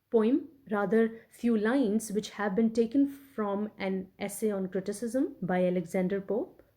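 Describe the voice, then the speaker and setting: A woman teacher from Pakistan talks her students through a poem in a recorded lecture. She speaks at an unhurried, deliberate pace in a fairly high but mellow voice, and she repeats each point and checks in often with her class. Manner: slow, repetitive explaining with many check-ins. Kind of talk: recorded English literature lecture.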